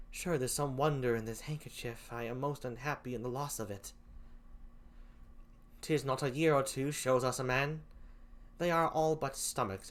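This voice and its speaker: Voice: mid-range voice, close to an everyday voice. A streamer reading a worldly, bitter lady's maid in a put-on English accent during an amateur play reading.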